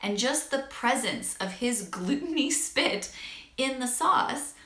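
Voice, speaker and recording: A woman's voice: high-pitched, expressive, slow, pushed and bright. A young woman in her twenties vlogging about her health, candid and chatty with lots of filler words. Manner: chatty and candid, lots of "like", gets emotional and laughs. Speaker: vlogger sharing a health story. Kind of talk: casual talk to camera. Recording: echoey room.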